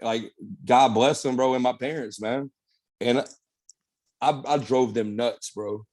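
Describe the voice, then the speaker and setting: A man's voice: mid-range voice, a little slow, dry recording. Slangy young man telling stories. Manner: animated storytelling, slangy, swears, says "bro" and "man" a lot. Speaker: podcast guest, bodybuilder. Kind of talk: casual storytelling interview.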